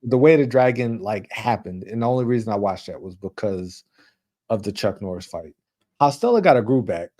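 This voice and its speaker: A man's voice: on the low side, lively intonation, a little fast, darkish tone. A man from New York co-hosting a casual movie talk show, rambling with many restarts and filler words. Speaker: co-host. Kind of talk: casual chat.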